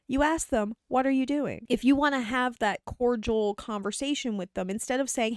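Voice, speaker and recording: A woman's voice: a little high, fairly quick, few pauses, clean tone, no room sound, studio quality. A woman from Canada talking casually and animatedly, acting out the greetings she quotes. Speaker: host. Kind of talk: casual opinion talk.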